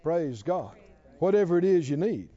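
A man's voice: a little high, sing-song, moderate pace, warm tone, dull audio. A middle-aged male pastor preaching a sermon, punctuating his points with emphatic exclamations and quoted scripture.

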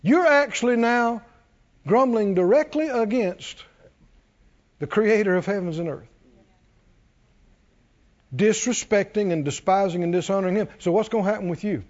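A man preaching a sermon, animated and joking with the congregation. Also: sits high, moderate pace, pauses often, muffled recording. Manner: animated preaching, jokes with congregation, does cartoon voices. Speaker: pastor.

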